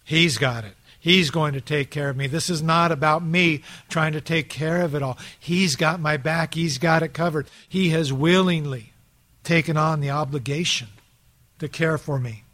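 A man's voice: a little high, moderate pace, a bit bright. A man preaching a sermon as a pastor, earnest and often putting rhetorical questions to his listeners.

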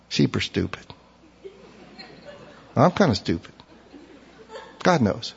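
A man's voice: mid-range voice, sing-song, slow pace, gravelly, long pauses, lo-fi sound. Folksy preaching man, echoey hall. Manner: folksy storytelling, swinging between hushed asides and raised emphatic preaching. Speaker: pastor. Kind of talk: sermon.

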